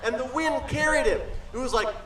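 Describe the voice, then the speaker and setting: A man's voice: extremely high pitch, moderate pace, fairly bright tone. A man performing as a children's entertainer on an outdoor amphitheater stage, telling an interactive story with playful sound effects. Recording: echoey outdoor stage, far from the mic.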